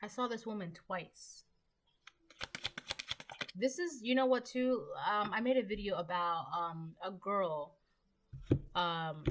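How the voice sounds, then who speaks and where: A woman giving a casual collective tarot reading, rambling and chatty, with frequent ums and the odd casual swear word. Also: lowish voice. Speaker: tarot reader.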